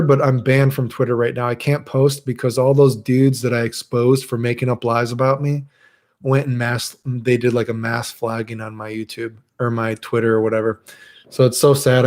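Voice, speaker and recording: A man's voice: medium pitch, level tone, moderate pace, darkish tone. A young man chatting casually as a streamer answering chat, crude and rambling, swearing a lot.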